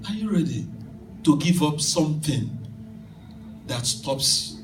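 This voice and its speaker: A man delivers an emphatic sermon, telling a story and now and then rising to a shout. His voice sits high for a man. He sounds distant from the microphone, with the room ringing around him in a reverberant hall. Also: animated, slow pace, music in the background. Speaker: preacher. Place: church hall. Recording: echoey hall from far off.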